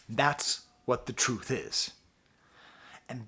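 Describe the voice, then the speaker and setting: A man talks straight to camera about an album he loves, impassioned and emphatic. He laughs easily and drops in teacherly asides. His voice sits at an ordinary middle pitch for a man. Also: animated, moderate pace, a bit bright. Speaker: music reviewer hosting his own channel. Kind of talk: casual record review monologue.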